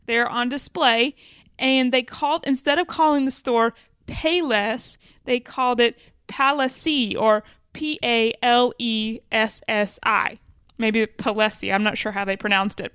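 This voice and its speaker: With a slightly high, fairly bright voice, a woman co-hosting a podcast discusses business lessons, thinking out loud and correcting her words along the way. She's originally from Alabama in the USA and speaks conversationally, and the recording is clean with no echo.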